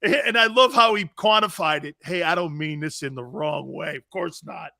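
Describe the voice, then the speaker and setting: Male sports talk host, loud and excitable, bright gravelly voice with big pitch swings. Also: normal speed. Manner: loud, laughing, shouting, mocking asides. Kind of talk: energetic sports talk rant.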